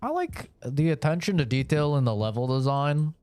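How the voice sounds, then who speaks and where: A man streaming a horror game, rambling with animated, profane commentary. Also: fairly high pitch, normal speed, slight background noise. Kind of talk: live gameplay commentary.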